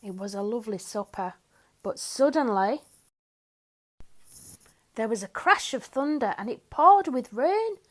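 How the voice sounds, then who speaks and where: Woman storyteller, picture-book read-aloud, slow, lively sing-song. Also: fairly high pitch.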